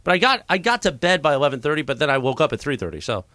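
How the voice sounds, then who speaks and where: A man's voice: fairly high pitch, very fast, no echo. A male radio host joking around in casual studio chat. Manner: excitable, joking, animated.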